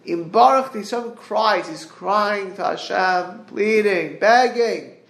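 A man giving a Torah class over a group call, earnest and halting, quoting Hebrew verses and translating them. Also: high-pitched, vocal fry, fairly bright tone, echoey room. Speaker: Torah teacher. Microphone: group call line.

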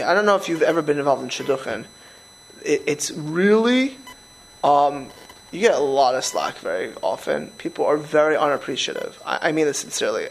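A middle-aged man talking in a casual conversation, animated and emphatic, often restarting his sentences. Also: fairly high pitch, vocal fry, slight background noise, poor audio.

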